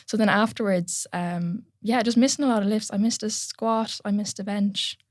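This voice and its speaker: A young woman with an Irish accent, a guest chatting casually on a podcast, full of "like" and quick laughs. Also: medium pitch, fairly even intonation, no room sound, clean studio sound. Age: young adult. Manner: chatty, lots of "like", laughs while telling stories. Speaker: guest powerlifter. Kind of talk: casual interview chat.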